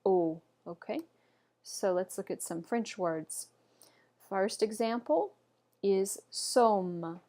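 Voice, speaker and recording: A woman's voice: mid-range voice, expressive, slow, long pauses, dark tone. A woman teaching pronunciation in an online lesson, repeating each word carefully and encouraging the learner. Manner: models words repeatedly, encouraging. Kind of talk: slow, patient online lesson.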